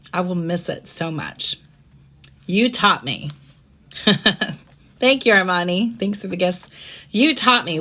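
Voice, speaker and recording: A woman hosting a live-streamed personal talk. She speaks reflectively and gently, often checking in with her listeners by asking "right?". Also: medium pitch. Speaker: host.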